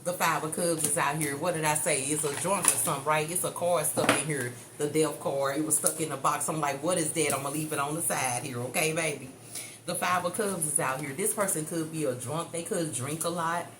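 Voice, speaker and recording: A woman's voice: sits low, a little fast. A woman giving a chatty, blunt tarot reading, swearing freely and calling her listeners baby and honey. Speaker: tarot reader. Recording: echoey room with faint ambient noise.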